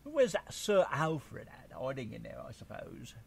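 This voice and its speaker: A man's voice: medium pitch, huge pitch swings, unhurried, vocal fry, a little mellow, husky. An American man co-hosting a casual radio show, joking, swearing freely and hamming up a mock British voice.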